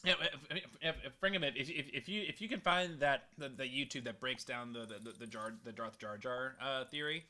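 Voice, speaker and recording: A man's voice: medium pitch, a little fast, hardly any pauses, bright, forceful tone, a little hiss or hum. A man hosting a casual livestream chat, rambling with lots of stammered restarts. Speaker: host.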